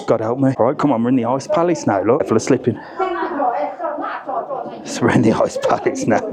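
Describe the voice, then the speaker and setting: Chatty man vlogging in crowds. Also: fairly low pitch. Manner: chatty, jokey, teasing. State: slightly out of breath. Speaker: travel vlogger. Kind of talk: casual vlog talking to camera. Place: busy indoor ice tunnel. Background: crowd of visitors.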